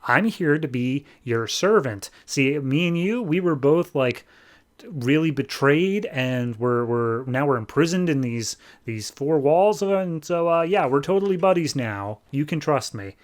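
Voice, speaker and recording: A man's voice: fairly high pitch, animated, measured pace. A man voicing a smug ancient shadow spirit trapped in a diamond, talking in a flippant, wheedling way. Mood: breezy.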